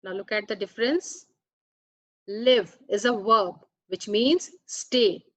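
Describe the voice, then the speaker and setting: A woman's voice: medium pitch, a bit bright, no room sound, low-quality recording. A woman teaching an English grammar lesson, carefully reading out words and their meanings one by one. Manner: careful, deliberate, reads out word meanings one by one. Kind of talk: slow explanatory grammar lesson.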